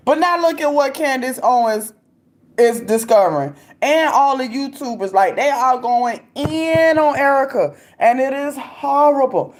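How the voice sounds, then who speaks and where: A woman's voice: on the high side, expressive, moderate pace, a little mellow. A young adult woman hosting a casual commentary chat, loose and talkative, laughing often and speaking with slang. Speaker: livestream host reading viewer comments.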